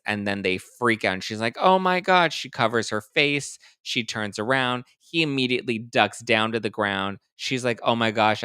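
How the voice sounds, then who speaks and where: A man hosts a gossip show in a loose, chatty way, reading viewer comments and throwing in sassy, mock-outraged asides. His voice sits a little low but sounds bright and forceful, with a smooth, crisp clarity. The sound is dry and close, with no room echo. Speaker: host of a celebrity gossip show.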